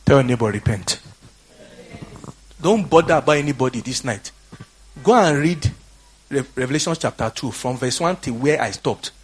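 A Nigerian man preaching a fiery, exhorting sermon that swings from quiet talk to shouting. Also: mid-range voice, lively intonation, moderate pace, pauses often, slightly rough. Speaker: pastor.

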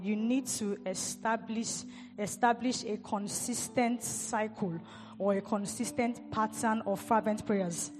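Woman preacher, fairly high voice, emphatic repetition, echoing hall, faint music behind. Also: slow pace. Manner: repeats and stresses key words, rising emphasis. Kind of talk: sermon.

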